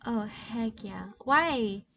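Slow-talking woman chatting while gaming. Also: a little high, expressive. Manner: rambling, chatty, full of fillers; soft and reflective. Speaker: gaming channel host. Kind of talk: casual chat while playing a video game. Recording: clear keyboard and mouse noise.

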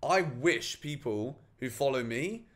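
A man speaking as a podcast guest, relaxed and jokey, often saying "bro". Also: medium pitch, takes it slowly. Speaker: guest, football YouTuber. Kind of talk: casual podcast chat.

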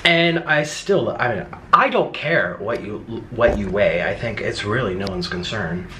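A man's voice: lowish voice, expressive, unhurried, sharp tone, a little hiss or hum. Male mukbang host, chatty ranting delivery with mocking asides, roomy echo. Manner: rambling, emphatic, mocking impressions. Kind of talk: casual rant to camera. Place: room in Bangkok.

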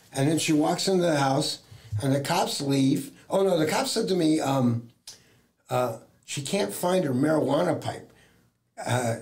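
This fairly high-pitched, darkish male voice belongs to a middle-aged talent agent from the United States. Sitting in as an interview guest, he rambles through anecdotes in casual conversation, voices the people he quotes, and leans heavily on fillers.

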